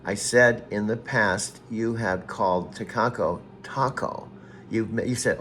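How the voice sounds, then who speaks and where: Man, low voice, casual chat, drawn-out syllable breakdowns, audibly frustrated. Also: fairly bright tone, slight background noise. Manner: slow, patient syllable-by-syllable spelling, growing exasperated. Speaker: user talking to an AI assistant.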